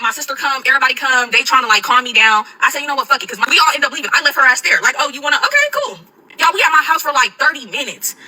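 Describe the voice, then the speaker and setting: A young woman telling a dramatic storytime to viewers, animated and swearing often. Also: sits high, rough recording. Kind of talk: casual storytime to camera.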